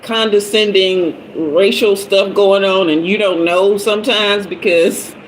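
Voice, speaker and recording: Unhurried and steady in tone, this mid-range female voice belongs to a middle-aged tarot reader on a casual livestream. She tells stories, laughs frequently, and calls out commenters by name, though the rough audio has a little hiss or hum.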